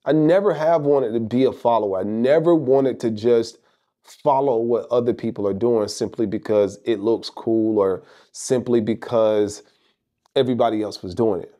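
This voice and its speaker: A middle-aged man speaks in an emphatic, rhetorical way, driving home his points with repeated phrases. His voice is dark and mellow, sitting at an ordinary middle pitch. He talks like a motivational speaker addressing his viewers directly. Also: moderate pace. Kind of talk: motivational monologue.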